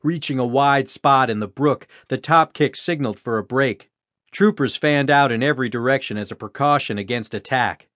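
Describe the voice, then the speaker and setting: A man narrating an audiobook in a steady, even reading style. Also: mid-range voice, moderate pace, no room sound, studio quality. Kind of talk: scripted narration.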